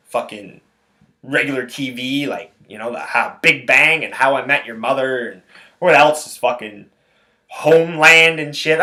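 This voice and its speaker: Hosting a sports podcast, a man launches into an angry, profane rant, repeating phrases for emphasis. His voice is a little high and sharp in tone.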